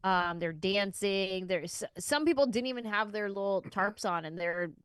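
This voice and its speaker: A woman hosting a podcast in a studio, telling stories in a lively, casual way and using a lot of slang. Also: medium pitch, normal speed, clean tone, dry recording. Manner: animated storyteller with casual slang. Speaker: podcast host.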